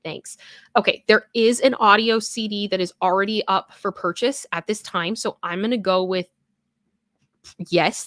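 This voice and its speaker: A woman's voice: medium pitch, fairly bright tone, no room sound, clean studio sound. A young adult woman hosting a casual live stream, reading viewer comments and chatting in a rambling way with many fillers and restarts.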